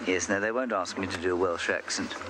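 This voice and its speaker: Male safari host, lowish voice, chatty and wry, live outdoor feed with clear background noise. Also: fairly even intonation, brisk. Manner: chatty, self-deprecating storyteller. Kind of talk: live safari commentary, casual chat. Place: outdoors in the bush, on a game drive. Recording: noisy outdoor live broadcast.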